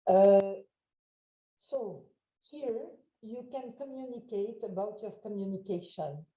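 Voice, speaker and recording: A woman with a French accent giving a webinar lecture, halting with many fillers and checking in with "huh?". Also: medium pitch. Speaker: webinar trainer. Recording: roomy, dull lo-fi sound.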